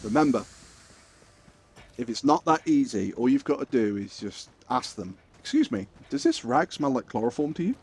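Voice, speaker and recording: A man's voice: medium pitch, very animated, normal speed, a little mellow, breathy edge. A man streaming live, telling crude, jokey stories in a rambling, casual way.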